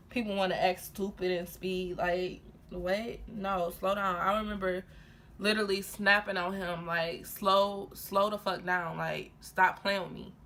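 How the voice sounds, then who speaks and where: A woman's voice: mid-range voice, vocal fry. A young woman casually telling a personal story in a getting-ready vlog, talking animatedly with lots of fillers and restarts. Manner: animated, heated retelling full of fillers and laughs. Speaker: vlogger.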